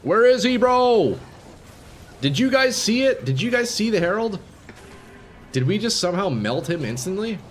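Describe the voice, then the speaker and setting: A man streaming live gameplay, commenting casually to his viewers and swinging from calm explanation to excited shouting. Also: high-pitched, moderate pace, long pauses, soft background music. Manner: casual, profane, addresses chat as boys.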